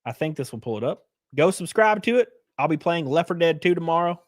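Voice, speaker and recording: A man's voice: a little high, lively intonation, fairly quick, dry recording, studio quality. A young man chatting casually on a live stream, reading chat aloud with loose, jokey slang.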